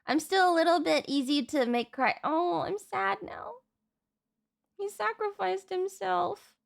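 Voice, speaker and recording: Excitable young woman streamer, high voice. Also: a little slow, gravelly. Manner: excitable, swears, thinks aloud. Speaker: streamer reacting to a video. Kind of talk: casual live reaction.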